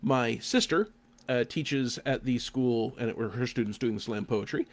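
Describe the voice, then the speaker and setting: 50s guy, dry and deadpan, lots of uh's, middle-pitched voice, just talking to the camera about a local event. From Oklahoma. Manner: dry, deliberate, self-deprecating, with frequent "uh" fillers. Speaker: game designer reviewing a local event. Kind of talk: casual spoken review to camera.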